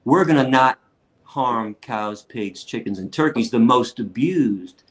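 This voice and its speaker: A man's voice: mid-range voice, expressive, a little slow. A middle-aged man telling stories in an interview, blunt and profane, acting out other people's lines as he goes. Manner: blunt, profane, fired-up, acts out quotes. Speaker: guest lecturer and activist. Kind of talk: animated interview storytelling.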